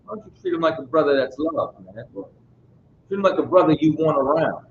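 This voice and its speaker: A man's voice: a little high, moderate pace. Emphatic man teaching scripture, roomy sound. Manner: emphatic, keeps checking in with listeners; casual street-style speech. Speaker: Bible teacher. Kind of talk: Bible study teaching. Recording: roomy, dull sound with faint noise.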